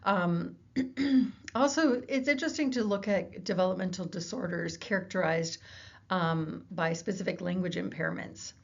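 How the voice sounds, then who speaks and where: Woman lecturing, gravelly low voice. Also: moderate pace, muffled recording. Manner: explanatory, with fillers and self-corrections. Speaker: psychology lecturer. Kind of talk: recorded lecture.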